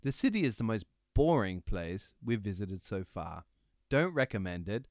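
A man's voice: on the low side, sing-song, moderate pace, a little mellow, dry recording, clean studio sound. An Australian man co-hosting a casual podcast, teasing and laughing often. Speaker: co-host.

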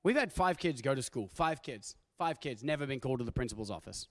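A man's voice: medium pitch, fast talker. Aussie pastor guy, middle-aged, preaching, acts out voices in his stories, long hall echo. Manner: animated storytelling with acted-out voices. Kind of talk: sermon. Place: church auditorium. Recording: long hall reverb from a church.

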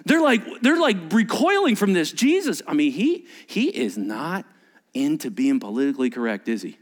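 A male pastor preaching a sermon, acting out dialogue and swinging between loud bursts and hushed near-whispers. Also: fairly high pitch, sing-song, normal speed.

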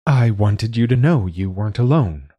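A man voicing a gentle alien visitor that speaks in a halting, careful way in an audiobook story. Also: fairly low pitch, lively intonation, breathy edge, no room sound. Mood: earnest. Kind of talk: audiobook reading.

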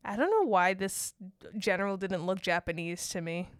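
A young woman gives her thoughts on a film in an easy, soft-spoken way. Her voice is clear and smooth at a middle pitch. The sound is close and dry. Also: expressive, moderate pace, dry recording. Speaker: podcast co-host. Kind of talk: casual movie review chat.

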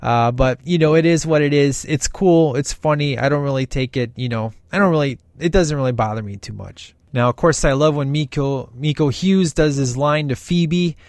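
A man's voice: on the high side, normal speed, hardly any pauses, a little mellow, no room sound, studio quality. A man hosting casual movie commentary, talking in a rambling, enthusiastic way with lots of fillers. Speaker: podcast host reviewing a film.

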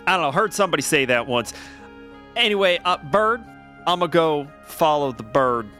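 A man's voice: on the high side, lively intonation, normal speed, sharp tone, faint music behind, voice pushed up. A man voicing a friendly, rambling dead man who is marching to the afterlife in a fantasy game. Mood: offhand. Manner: loose, rambling, offhand.

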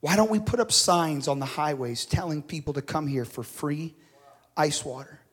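A man's voice: a little high, normal speed, a bit bright, breathy edge. A man voicing a practical prairie storekeeper's wife, eagerly explaining an idea in a read-aloud story.

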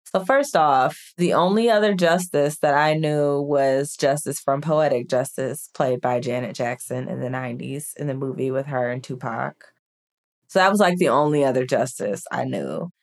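Low-voiced woman telling stories. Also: normal speed. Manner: chatty, frequent "like" fillers. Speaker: podcast guest. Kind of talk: casual conversational storytelling.

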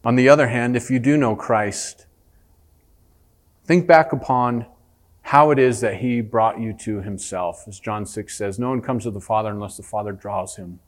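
A man preaching a sermon as pastor in a church, earnest and emphatic, turning animated when he tells a story. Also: fairly low pitch, normal speed.

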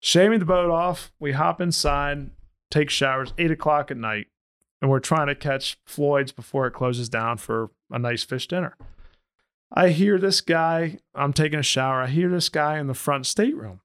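Man spinning a lively boating yarn. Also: fairly high pitch, normal speed, clean tone. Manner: animated, jumps into quoted dialogue. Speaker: boat captain. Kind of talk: casual storytelling.

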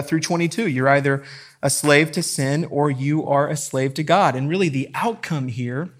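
A man's voice: on the high side, fairly bright tone. A man preaching a sermon to his congregation in a conversational, emphatic way, acting out quotes and questions. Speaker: pastor. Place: church room with congregation.

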